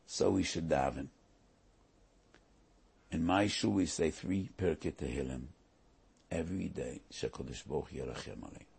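Gravelly, raspy rabbi giving a sermon. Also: male voice, extremely low pitch, normal speed, long pauses, a little mellow. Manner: emotional, preacherly, quotes Hebrew texts in a chant. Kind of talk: Torah sermon.

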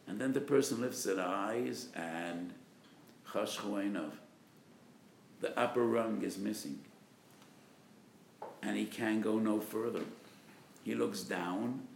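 A man's voice: lowish voice, vocal fry, reverberant, a little hiss or hum. A man giving an impassioned sermon as a rabbi, his voice swelling to emphatic peaks. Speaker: rabbi giving a Torah lecture.

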